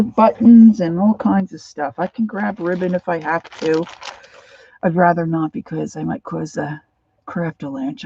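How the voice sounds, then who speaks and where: A woman chats her way through a craft livestream at her home desk, rambling from one thing to the next and slipping into quiet whispered asides. Her voice is dark and mellow with a gravelly edge. The sound is muffled and lo-fi, picked up by a phone or camera on the desk. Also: lowish voice, slight background noise. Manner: chatty and rambling, drops into soft whispered asides. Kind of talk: casual craft livestream chat.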